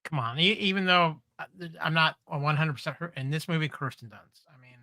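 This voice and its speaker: A man's voice: fairly high pitch, a little fast, pushed and bright, dry recording. A man co-hosting a casual movie podcast, hesitant and stammering as he searches for words. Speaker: podcast co-host.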